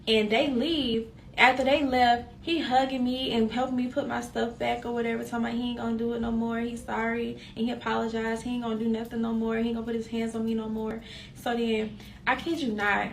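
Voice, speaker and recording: A young woman tells a personal story straight to her viewers, animated and direct. Her voice sits a little high. She sounds set back from the microphone, with a faint hum of room noise around her. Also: vocal fry, distant mic. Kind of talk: casual storytime.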